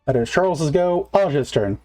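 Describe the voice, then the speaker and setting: A man running a tabletop game with a slightly high, easygoing voice. He narrates casually, counting squares aloud and full of filler words, with faint music playing behind. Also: animated, moderate pace, darkish tone. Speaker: game master.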